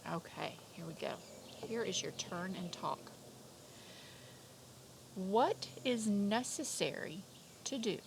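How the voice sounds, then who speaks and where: Upbeat kindergarten teacher. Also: female voice, mid-range voice, lively intonation, noisy background. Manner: slow, clear, sing-song teacher talk with drawn-out words. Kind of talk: remote vocabulary lesson for young children. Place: at home.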